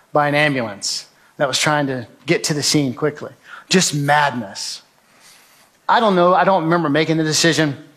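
A man with a somewhat high voice tells a gripping personal story to an audience. He speaks earnestly and acts out what he shouted at the time. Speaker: speaker telling his survival story. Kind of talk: testimony talk to an audience.

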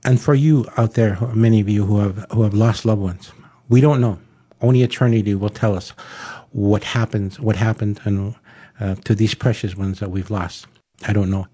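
Male preacher, mellow and low, earnest, halting delivery. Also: slightly rough. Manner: earnest, halting with frequent fillers. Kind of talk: devotional sermon.

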